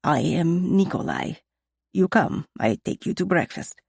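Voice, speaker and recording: A woman voicing a gruff male bodyguard with a Russian accent, speaking in curt, broken phrases. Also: sits low, wildly swooping pitch, measured pace, a little mellow, no echo, clean studio sound, exaggerated voice.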